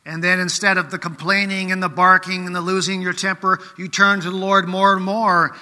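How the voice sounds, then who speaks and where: A man's voice: sits high, little pitch movement, a little fast, sharp tone, in a large hall. A man preaching a sermon in a conversational way, often checking in with rhetorical questions.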